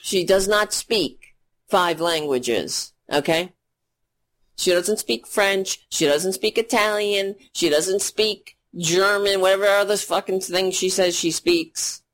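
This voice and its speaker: Slow-talking sarcastic woman host. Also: mid-range voice. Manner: sarcastic, profane, rambling. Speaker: political commentary host. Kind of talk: ranting political commentary.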